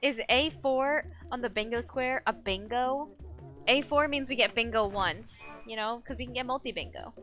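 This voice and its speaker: A woman's voice: on the high side, moderate pace, fairly bright tone, faint music behind. A woman live-streaming a video game, chatting casually, reading chat aloud and giggling often.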